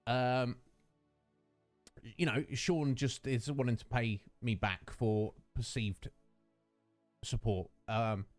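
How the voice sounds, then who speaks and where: A man's voice: mid-range voice, steady tone, slow, long pauses, no room sound, faint music behind. A man streaming a game live, chatting affectionately with his viewers and rambling through thoughts with many restarts. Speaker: Twitch streamer.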